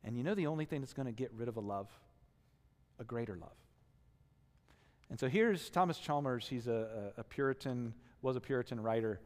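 A man's voice: mid-range voice, fairly quick. A man preaching a sermon as a pastor, telling personal stories and acting out the people in them. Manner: animated storytelling, acting out quotes, self-deprecating. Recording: long hall reverb.

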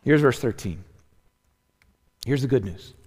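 A man preaching a sermon as a pastor, earnest and conversational, often restarting and dropping to a hush. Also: mid-range voice, animated, unhurried, breathy edge. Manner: earnest, conversational, with many restarts and sudden soft drops. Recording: long hall reverb.

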